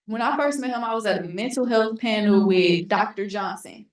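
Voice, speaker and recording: A young woman speaks on a panel in a middle-pitched voice. Her story comes out candid and earnest. She acts out the lines other people said to her as she tells it. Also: normal speed. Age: young adult.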